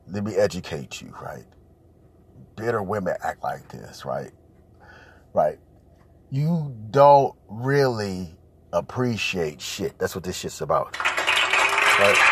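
A man hosting a podcast, ranting loudly and profanely in a comedic monologue and repeating his points. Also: medium pitch. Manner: loud, profane, repetitive ranting. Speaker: podcast host. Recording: noisy home recording.

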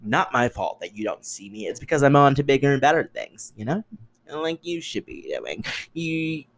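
A young man hosting a solo podcast, ranting in an exasperated, sarcastic way and swearing freely, jumping between loud outbursts and muttered asides. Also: medium pitch, sing-song, moderate pace. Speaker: podcast host.

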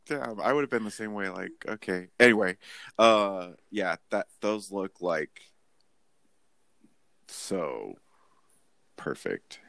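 A man's voice: low voice, animated, takes it slowly, vocal fry, pauses often, fairly bright tone, no echo. A young man in casual chat, slangy and easygoing.

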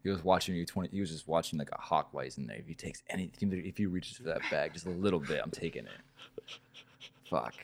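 A man's voice: very deep voice, vocal fry. A man hosting a casual podcast, chatty and joking, telling stories with friends. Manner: joking, chatty, quick to laugh. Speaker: podcast host. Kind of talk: casual chat.

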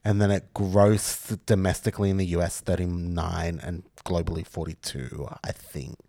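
A man, co-hosting a podcast in relaxed, agreeable chat full of fillers. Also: low-pitched, normal speed, gravelly. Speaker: podcast co-host. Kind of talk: casual chat.

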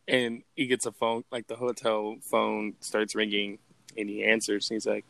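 A man's voice: lowish voice, level tone, moderate pace, vocal fry, fairly bright tone, no room sound. A man co-hosting a podcast, chatting casually and acting out movie quotes with frequent laughs. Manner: laughs often, acts out quotes. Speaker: podcast co-host.

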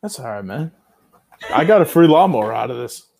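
A man in casual podcast chat, talking in a loud, hyped, bro-ish way as a guest. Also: medium pitch, sing-song, a little fast, creaky.

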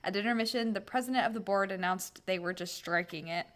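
A woman's voice: mid-range voice, fast talker, fairly bright tone. A young woman co-hosting a podcast, chatting casually, reading listener stories aloud and laughing often. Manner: laughs often, chimes in with quips. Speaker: podcast co-host.

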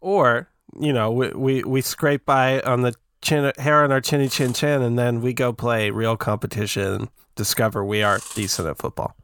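A man's voice: medium pitch, steady tone, normal speed, hardly any pauses, fairly bright tone, clean tone. A young adult man, the producer of a sports podcast, chiming in with casual, joking remarks. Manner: joking, laid-back.

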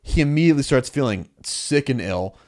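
A man's voice: medium pitch, a little fast. A man co-hosting a podcast in casual chat, animatedly retelling a comic's plot and acting out the lines. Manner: animated storytelling, acting out dialogue. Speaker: podcast co-host recapping a comic.

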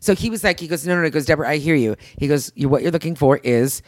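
A woman in her thirties chatting casually as a podcast co-host, acting out quotes with big jumps in pitch. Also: very fast, dry recording, studio quality. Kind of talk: casual chat.

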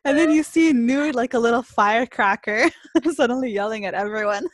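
A young woman talks openly in a relaxed podcast chat. She laughs often as she speaks. Her voice is recorded close and dry. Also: on the high side, moderate pace, no room sound. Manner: laughs often, emotional and open. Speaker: podcast co-host. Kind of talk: casual chat.

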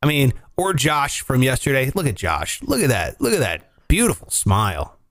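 A man hosting a comedy podcast, telling odd news stories in a joking, animated way and often laughing. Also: mid-range voice, normal speed. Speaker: podcast host. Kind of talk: casual comedic news chat.

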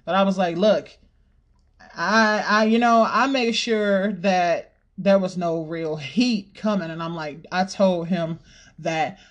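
A podcast host casually telling a stressful family story in a blunt, profanity-heavy, animated way. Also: medium pitch, slow pace.

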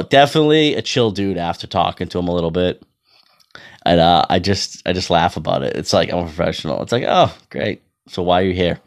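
A man in his thirties telling a rambling, profane story in casual monologue, often laughing. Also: lowish voice. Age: 30s. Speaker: amateur hockey goalie.

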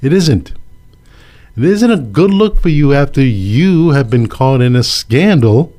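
A man's voice: mid-range voice, lively intonation, a little slow, dark tone. A man giving a casual opinion monologue on local politics, emphatic and repetitive, with sarcastic asides.

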